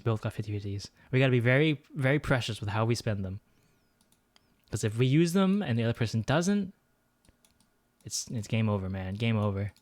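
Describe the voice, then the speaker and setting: A man talks through a geography guessing game at his own pace, half muttering his guesses. He is quick to knock his own play. His voice sits mid-range and sounds dry and close, with no room around it. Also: mid-range voice, no echo. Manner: thinks aloud, mutters guesses, self-deprecating. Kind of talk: casual gameplay commentary.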